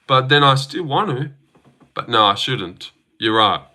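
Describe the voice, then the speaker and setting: A man's voice: medium pitch, animated, unhurried, pushed and bright. A young man hosting a casual live stream from his phone, joking, swearing now and then and answering chat comments.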